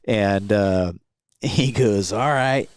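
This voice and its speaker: A low-pitched man spins a casual story about a helicopter rescue. He is animated and laughs often, putting on the voices of the people in it. His voice sounds dry and close. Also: takes it slowly, clean tone, no room sound. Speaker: award-winning helicopter pilot guest. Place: convention floor.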